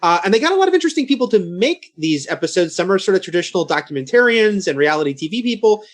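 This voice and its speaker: Male panelist, high register, loose and chatty delivery. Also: sing-song, quick pace. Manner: loose, filler-heavy, chatty. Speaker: entertainment panelist and interviewer. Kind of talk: casual chat.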